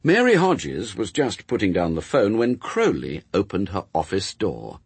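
A man reads a novel aloud with expressive, dry storytelling. His fairly low voice roams widely in pitch, with a husky texture, recorded close in a dead, dry room. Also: unhurried, no room sound. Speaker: audiobook narrator. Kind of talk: scripted narration.

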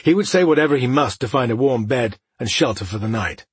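A man's voice: mid-range voice, animated, fairly quick, slightly rough, no room sound. A man voicing a stern male commander who talks in a clipped, authoritative way. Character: stern male lord marshal, guarded commander.

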